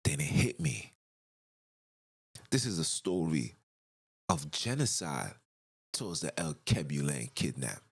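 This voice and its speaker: Impassioned man ranting, lively pitch. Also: slightly rough. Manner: ranting, emphatic, rhetorical questions. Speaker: podcast host. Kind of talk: impassioned monologue.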